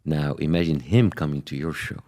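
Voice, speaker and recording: A middle-aged man speaks in a low, deep register. He talks as an interview guest, emphatic and direct. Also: brisk. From Egypt. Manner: emphatic, forceful in argument. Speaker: comedian guest. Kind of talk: interview and debate.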